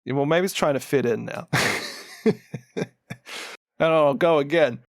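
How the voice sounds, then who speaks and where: A man's voice: a little high, measured pace, no echo. A man with a New Zealand accent, co-hosting a podcast and animatedly retelling lore, laughing often and acting out what characters say. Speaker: podcast co-host.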